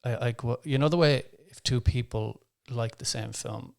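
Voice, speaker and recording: Wry Irish man with a gravelly voice. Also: medium pitch, moderate pace. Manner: wry, grumbling, self-deprecating. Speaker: stand-up comedian, guest. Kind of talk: casual podcast interview.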